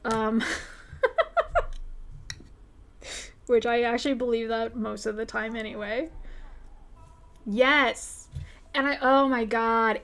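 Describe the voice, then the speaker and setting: Blunt, fired-up woman livestreamer. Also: on the high side. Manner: candid, profane, emphatic. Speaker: livestream host. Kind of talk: casual chat answering viewer questions. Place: home streaming setup.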